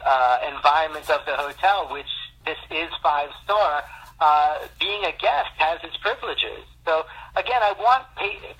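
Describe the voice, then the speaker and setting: Bright, husky man on a phone line. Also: a little high. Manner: earnest, restarts with repeated words. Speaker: chiropractor and wellness center owner. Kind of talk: interview answers.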